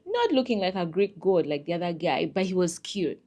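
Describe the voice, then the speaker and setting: A woman's voice: on the low side, sing-song, a little fast, warm tone. A young woman, chatting frankly to camera in a casual life-update vlog, laughing often and swinging from murmurs to squeals. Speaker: vlogger.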